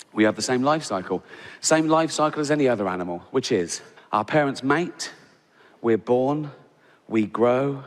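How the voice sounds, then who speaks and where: A middle-aged man from Reading, England, speaking with a Reading accent, doing an animated stand-up routine full of swearing and acted-out voices. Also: medium pitch. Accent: English, Reading. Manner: animated, swearing, acts out voices in his stories. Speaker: stand-up comedian. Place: theatre stage. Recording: live stage recording in a large reverberant hall. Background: audience laughter.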